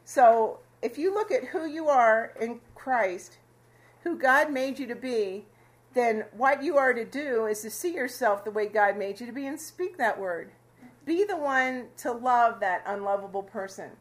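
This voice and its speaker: A woman teaches scripture to her small fellowship in a relaxed, chatty way. Her voice sits high, and she often breaks into laughter with the group. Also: measured pace. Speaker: Bible study leader.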